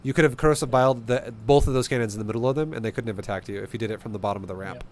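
A man's voice: mid-range voice, very fast, slight background noise. Young man coaching, casual and profane. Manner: swears freely, laughs, acts out examples. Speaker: StarCraft coach. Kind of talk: casual coaching over a game replay.

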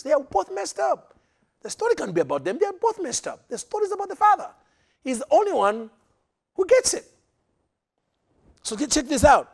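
A man's voice: very high-pitched, vocal fry. A man preaching an emphatic sermon as pastor, acting out quotes along the way.

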